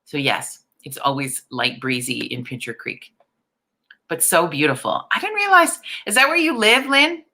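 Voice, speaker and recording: Woman, forties, live chat host, croaky morning voice, low pitch, bright tone, chatty. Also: big pitch swings, normal speed. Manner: chatty, upbeat, reads viewer comments aloud. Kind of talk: casual live-stream chat.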